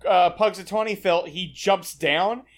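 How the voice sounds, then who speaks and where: A man co-hosting a casual film discussion, playful and quick to act out characters. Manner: playful, acts out characters in excited high voices. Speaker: podcast co-host.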